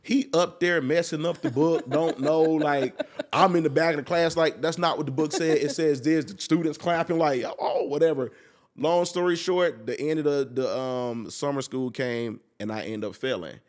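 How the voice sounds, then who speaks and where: A young man, a podcast guest, telling a personal story in a casual, animated way and acting out the people in it. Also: a little high, moderate pace. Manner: animated, acts out quoted people.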